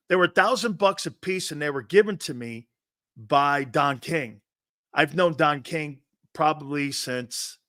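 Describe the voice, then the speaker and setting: A man in his fifties hosts a sports talk show, telling casual, rambling anecdotes that digress, restart, and include the odd curse word. His voice is a little high, pushed and bright, captured dry with studio quality.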